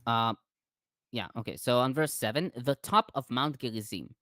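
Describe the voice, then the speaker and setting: A man's voice: mid-range voice, moderate pace, no echo, clean studio sound. A man hosting a discussion, carefully reading out scholarly commentary. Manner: careful reading with lively intonation.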